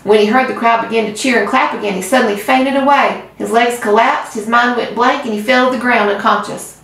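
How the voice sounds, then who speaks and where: A woman who hosts a reading channel, reading a children's book aloud with gentle storytelling. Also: a little high, steady tone, fairly quick. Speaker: reader. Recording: roomy, far from mic.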